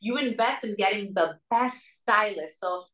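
A woman's voice: medium pitch, moderate pace, fairly bright tone. A woman with a Dominican Spanish accent, telling a story earnestly as an interview guest. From Dominican Republic. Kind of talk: casual interview conversation. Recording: roomy sound, distant mic.

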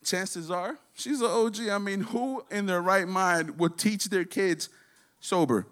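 A man doing a stand-up comedy set, rambling and profane, slipping into quick voices for other people. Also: high voice, fairly bright tone. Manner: does quick voices for his daughter and others.

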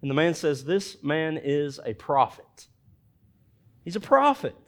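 Animated man preaching a sermon, higher voice. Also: unhurried. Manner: animated, reads scripture with dramatized voices for characters. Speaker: pastor.

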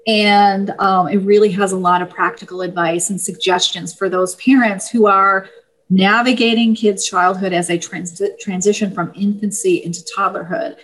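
A woman, an author of parenting books, explaining her books and advice in a steady, easygoing interview manner with small fillers. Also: mid-range voice, normal speed, poor audio. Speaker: parenting book author, guest. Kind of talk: casual interview talk.

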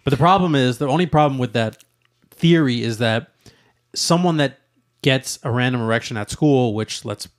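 A man's voice: medium pitch, normal speed. A young man co-hosting a casual podcast, rambling and hedging with lots of fillers. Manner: rambling, hedges with many "like"s. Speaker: podcast co-host.

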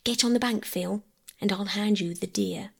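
A woman's voice: mid-range voice, normal speed, vocal fry, husky. A woman reading aloud voices a determined young girl and eldest sister, insistent and pleading as she gives orders. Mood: commanding.

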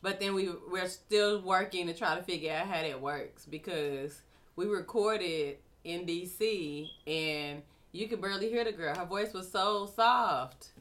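A woman's voice: on the low side, unhurried, a bit bright. A woman co-hosting a podcast, chatting casually and rambling as she thinks aloud. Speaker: podcast co-host. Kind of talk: casual chat.

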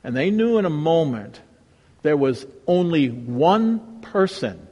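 Slow-preaching pastor in a reverberant church. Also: male voice, on the high side, big pitch swings, dull audio. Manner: dramatic, swinging from raised emphasis to hushed, reverent delivery. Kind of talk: sermon.

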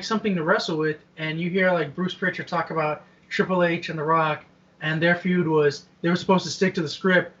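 A man's voice: fairly high pitch, fairly bright tone, recorded from a distance. A man co-hosting a wrestling chat over a video call, laid-back and slangy, laughing often as he talks. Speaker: wrestling podcast co-host. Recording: dull lo-fi video call audio.

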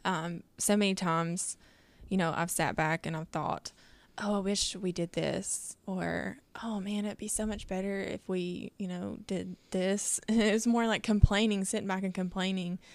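Young mom chatting about church, bit of vocal fry, laughs a lot, dry mic. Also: female voice, mid-range voice, fairly even intonation, measured pace, hardly any pauses, dry recording. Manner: earnest, chatty, laughs often. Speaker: podcast co-host. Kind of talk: casual faith discussion.

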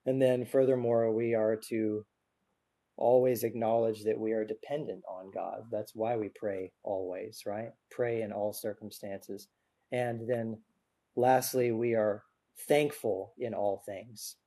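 A man's voice: fairly low pitch, steady tone, unhurried, dark tone. Male guest preacher, earnest and conversational, speaking to a church crowd through a stand mic. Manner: earnest and informal, with light self-deprecating humor. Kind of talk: conversational sermon. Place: church service before a congregation. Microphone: adjustable microphone on a stand.

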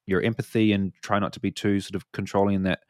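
Very deep-voiced male host, dry sound. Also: quick pace, dry recording. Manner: relaxed, rambling, laughs easily. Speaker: podcast host. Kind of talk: casual podcast chat.

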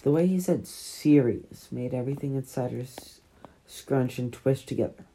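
A very low, husky woman reading a novel. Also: normal speed, warm tone, rough recording. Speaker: audiobook reader. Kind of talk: reading a novel chapter aloud.

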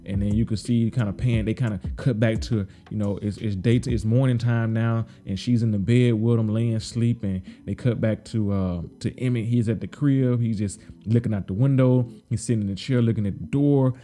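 A man's voice: on the low side, steady tone, normal speed, hardly any pauses, mellow. A man recapping a TV episode in casual, rambling talk, repeating words and acting out characters' lines. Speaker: podcast host recapping a TV episode.

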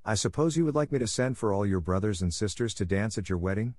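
A man's voice: on the low side, lively intonation, fast, a little mellow, no echo, lightly acted. A man reading a grave, stately fairy. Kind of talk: audiobook reading.

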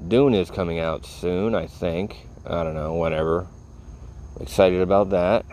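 A man's voice: low voice, steady tone, measured pace, warm tone, a little hiss or hum. A tired man rambling casually to his audience, laid-back and full of profanity. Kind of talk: casual rambling talk to camera.

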